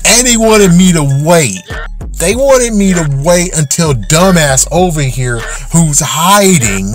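A man's voice: fairly high pitch, expressive, slow pace, over music. A man ranting angrily and swearing as he vents about an online game. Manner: ranting, frequent swearing, exasperated. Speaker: gaming channel host. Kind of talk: angry gaming rant.

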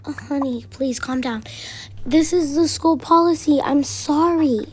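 A woman's voice: sits high, slow pace, darkish tone. A female speaker voicing a school office secretary who makes announcements and cites school policy. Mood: officious.

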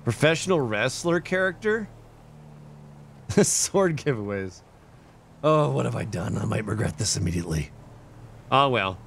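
A man's voice: mid-range voice, sing-song, unhurried, gravelly, long pauses, slight background noise. A young man streaming live, chatting casually, chuckling and thanking his chat. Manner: laid-back, chuckling, reads and thanks chat.

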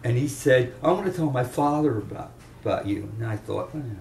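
Heard from a distance in a roomy space with faint ambience, this veteran rock guitarist from the Chester, Pennsylvania area speaks briskly in a creaky, darkish, medium-pitched voice. The older interviewee wanders through casual stories, restarting often, over a little hiss or hum.

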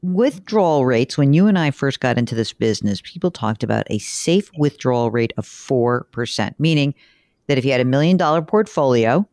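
A woman hosting a money talk show, brisk and chatty with a teasing edge as she introduces and questions her guest. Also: extremely low pitch, animated, darkish tone, dry recording, studio quality. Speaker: radio show host. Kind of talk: finance talk show interview.

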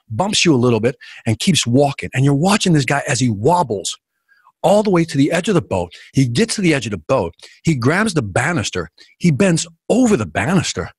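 A man telling sales stories in an interview, energetic and acting out quotes and scenes, with a husky voice. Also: medium pitch, no room sound. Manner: energetic, acts out quotes and scenes, drops voice for dialogue. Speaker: sales speaker, interview guest. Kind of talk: animated storytelling in a podcast interview.

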